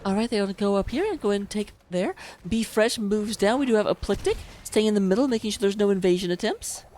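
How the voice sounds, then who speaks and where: A woman's voice: medium pitch, quick pace, dark tone, slight background noise. A woman casting a live online video game match, chatty and self-mocking, laughing easily between plays. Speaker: esports caster.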